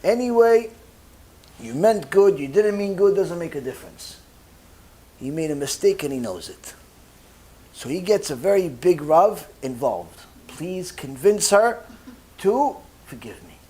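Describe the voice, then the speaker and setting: A rabbi giving a Torah lecture, telling a story as an animated storyteller who acts out each character's lines. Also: male voice, a little high, measured pace, pauses often.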